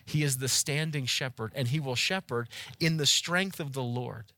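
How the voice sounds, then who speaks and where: A man in his thirties preaching a sermon, earnest and emphatic, building to loud peaks. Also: medium pitch, normal speed, no echo. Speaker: pastor.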